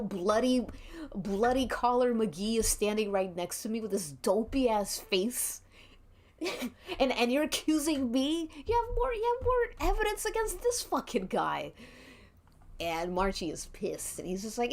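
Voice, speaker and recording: A woman's voice: medium pitch, very animated, unhurried. A woman streaming as game master, narrating a murder mystery role-play casually, swearing and laughing often.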